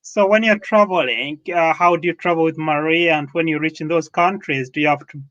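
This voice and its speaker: A man's voice: on the high side, fairly quick, fairly bright tone, muffled recording. A man from London hosting an interview over a video call, asking questions carefully and searching for words. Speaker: host.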